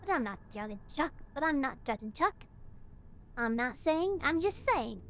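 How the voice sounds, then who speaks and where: A woman voicing a solemn cult leader who gives a slow, grave farewell sermon while she reads game text aloud. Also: high-pitched, very animated, a bit bright, a little hiss or hum, voice pushed down, full character voice. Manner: slow, grave, preaching delivery.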